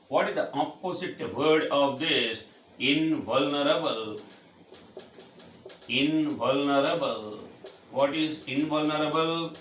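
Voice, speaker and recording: A man's voice: mid-range voice, sharp tone. A man from India teaching English vocabulary, spelling each word letter by letter and answering his own questions. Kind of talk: spelling out and explaining words. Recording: echoey room, faint noise.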